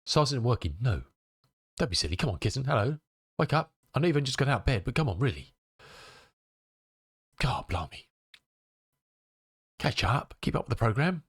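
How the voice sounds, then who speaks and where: Animated, chatty male streamer, dry sound. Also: medium pitch, normal speed, pauses often, breathy edge, dry recording. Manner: chatty, muttering to himself while fixing things, answering chat. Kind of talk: casual live-stream chat.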